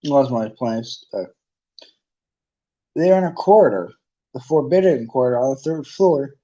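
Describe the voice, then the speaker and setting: A man's voice: mid-range voice, expressive, moderate pace, warm tone. Guy reading a book aloud, casual with slips, muffled lo-fi audio. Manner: unpolished, with restarts and asides. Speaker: reader. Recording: dull lo-fi recording.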